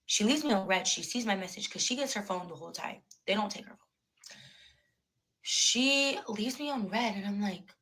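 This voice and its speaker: A young woman, a former reality show contestant, tells her story in a clip, animated and profane as she acts out the back-and-forth exchanges. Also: mid-range voice, a little fast, rough recording.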